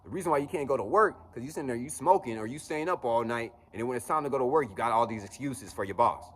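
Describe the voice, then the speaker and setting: A man's voice: medium pitch, fast, a bit bright. A man in his twenties giving a blunt, profane motivational monologue as a vlogger. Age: 20s. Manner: blunt, profane, preachy pep talk.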